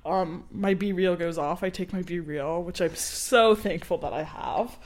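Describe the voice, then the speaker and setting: A woman in her twenties, a podcast co-host, telling a story in casual chat. She is animated, laughs often and acts out the people she quotes. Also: lowish voice, a little slow.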